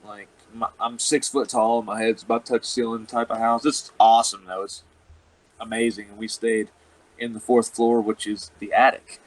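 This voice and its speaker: A man's voice: lowish voice, level tone, normal speed, rough recording. A man, a wrestler, telling a rambling, profane story in casual chat and laughing often. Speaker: professional wrestler guest.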